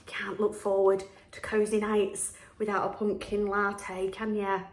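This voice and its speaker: A woman's voice: mid-range voice, monotone, measured pace. A woman, vlogging in a casual, chatty and upbeat way with frequent laughs. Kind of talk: casual chat to camera. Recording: echoey room with faint music.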